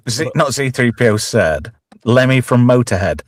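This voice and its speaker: A man's voice: medium pitch, animated, unhurried, dry recording, studio quality. A man hosting a casual livestream chat show, joking around and rambling, with frequent laughs and restarts. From lived in Alberta, Canada. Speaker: host.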